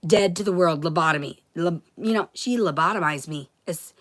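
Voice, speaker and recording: Frantic, profane woman, low voice, dry. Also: brisk, hardly any pauses, dry recording. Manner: profane, swings between loud ranting and hushed whispers. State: agitated, frantic. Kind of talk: rambling monologue to camera.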